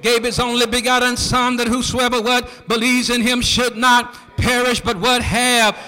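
High-voiced preacher in a reverberant church. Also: male voice, flat delivery, normal speed, clean tone. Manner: rhythmic, rising to shouts, quizzing the congregation. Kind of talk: call-and-response sermon. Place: church sanctuary. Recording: long hall reverb.

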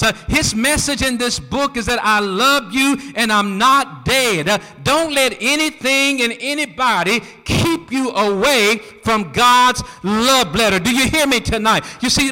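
High-voiced preacher in a reverberant church. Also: male voice. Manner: rhythmic, rising to shouts, quizzing the congregation. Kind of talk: call-and-response sermon. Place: church sanctuary. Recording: long hall reverb.

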